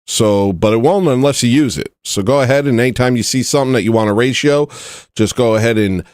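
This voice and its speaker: A man's voice: mid-range voice, quick pace, darkish tone, dry recording, clean studio sound. A man hosting a casual livestream chat, rambling and joking at his own expense. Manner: rambling, joking, self-mocking. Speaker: livestream host.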